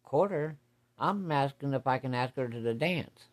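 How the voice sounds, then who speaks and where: A man's voice: mid-range voice, expressive, normal speed, pitched above the performer's own voice, close to an everyday voice. A man telling a story voices a nervous young man who politely asks a father's permission, deferential and hesitant.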